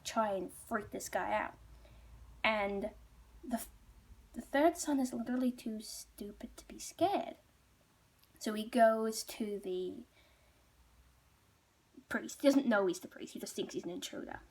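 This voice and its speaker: A woman's voice: medium pitch, normal speed, darkish tone, slightly rough. A woman storyteller retelling a folk tale casually, chatty and rambling, with many asides.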